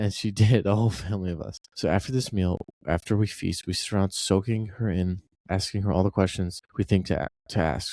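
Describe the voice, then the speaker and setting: A man's voice: low-pitched, a little fast, hardly any pauses, darkish tone, dry recording. A man reading a short story aloud and breaking off for loose, conversational asides, like a teacher walking a class through a text. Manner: conversational, loose asides between read passages. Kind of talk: reading aloud with casual commentary.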